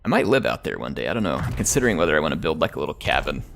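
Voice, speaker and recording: Deep-voiced chatty American man streaming. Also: sing-song, racing, vocal fry, fairly bright tone, faint music behind. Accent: General American, slight drawl. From United States. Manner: rambling and chatty, chuckles often. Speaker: streamer playing a strategy game. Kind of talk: casual live-stream chat.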